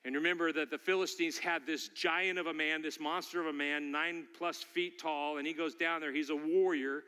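A man preaching in a reverberant hall, his voice high and bright. He tells the story in an easy way, then builds to a forceful call to the listeners. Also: fairly even intonation, normal speed, clean tone. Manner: storytelling, rising to forceful exhortation. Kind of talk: sermon.

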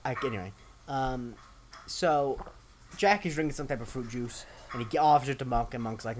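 Over slight background noise, a young man with a medium-pitched voice co-hosts a podcast, talking fairly quickly. He recaps a TV episode in a loose, rambling way, dropping dry asides amid frequent ums and restarts.

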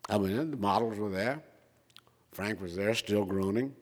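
A man's voice: fairly low pitch, moderate pace. An older man from Minnesota telling a self-mocking personal story, chatty with frequent fillers. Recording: reverberant hall.

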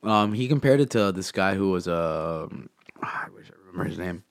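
A very low-pitched man rambles through a travel story, stacking up "like" and "man" as he goes. His throat is swollen, a cough drop is in his mouth, and the close mic catches every swallow. The sound is dry and tight. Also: animated, moderate pace, creaky, no room sound. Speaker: podcast guest recounting travel. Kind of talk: casual chat. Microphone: close mic picking up swallowing.

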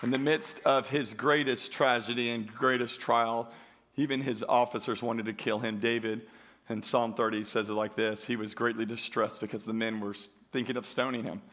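A medium-pitched, steady and fairly bright voice marks this pastor, preaching at normal speed to his congregation in a church sanctuary. His sermon is emphatic and driving, with call-and-response cries for praise.

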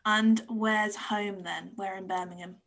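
A woman's voice: medium pitch, steady tone, unhurried, fairly bright tone. Chatty English woman hosting. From England. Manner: chatty, laughs often, hesitant restarts. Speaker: podcast host. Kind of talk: casual interview chat.

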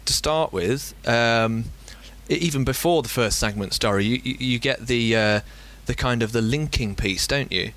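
Man, mid-pitched, stammering starts, casual film talk. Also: moderate pace, a bit bright. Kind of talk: casual film review chat.

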